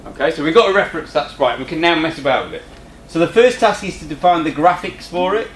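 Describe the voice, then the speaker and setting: A man with a higher-pitched voice and lively intonation talks fast while teaching a coding lesson in a classroom. This screen-recorded tutorial is informal, peppered with teasing asides to his students, and recorded in an echoey room with a faint background hum.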